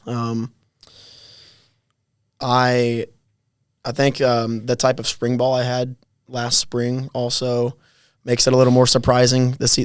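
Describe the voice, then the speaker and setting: A college athlete in his twenties, telling his story in a guest interview with many halting restarts and little chuckles. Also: medium pitch, clean tone, no room sound, clean studio sound. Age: 20s. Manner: halting, repeats words, chuckles while telling stories. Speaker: college football player, guest.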